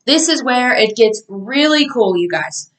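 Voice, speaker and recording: Bright-voiced young woman teaching kids. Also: on the high side, expressive, far from the mic, rough recording. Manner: upbeat teacher voice, slow and sing-song. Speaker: college student teaching a mock class. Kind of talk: mock classroom lesson for children.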